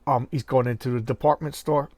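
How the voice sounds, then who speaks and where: A man's voice: medium pitch, steady tone, a little fast, darkish tone, no echo. Middle-aged male comic reviewer, chatty and loose, mid-range voice, dry close sound. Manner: chatty, acts out comic dialogue in bits, self-correcting. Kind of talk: casual show-and-tell chat.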